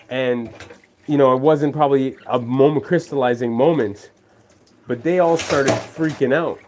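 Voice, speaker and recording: A man's voice: mid-range voice, normal speed, darkish tone, slight background noise. A man hosting a casual faith vlog, retelling a story in a rambling way and acting out the people he quotes. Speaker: vlog host. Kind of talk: casual faith talk while doing dishes. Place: home kitchen at the sink.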